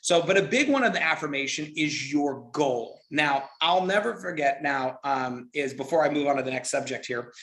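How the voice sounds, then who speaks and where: A middle-aged man giving a motivational network marketing training, energetic and repetitive, often checking in with "right?". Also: on the high side, normal speed, few pauses.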